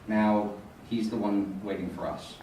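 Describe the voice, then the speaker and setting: Young man speaking slowly at a memorial. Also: on the low side, steady tone, dark tone. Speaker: eulogy speaker. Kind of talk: memorial remembrance. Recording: echoey hall, distant voice, faint noise.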